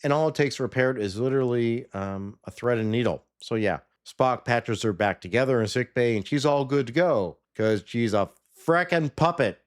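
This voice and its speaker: A man casually recapping a TV episode, sarcastic and animated, sometimes mimicking the characters. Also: medium pitch, moderate pace, few pauses. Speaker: TV episode reviewer.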